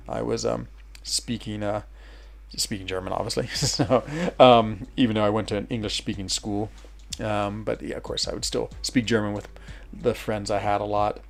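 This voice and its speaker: A man's voice: fairly low pitch, creaky. A man with an American accent, chatting casually with viewers as a streamer, rambling with many fillers and restarts. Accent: American, with a West Virginia lilt. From United States.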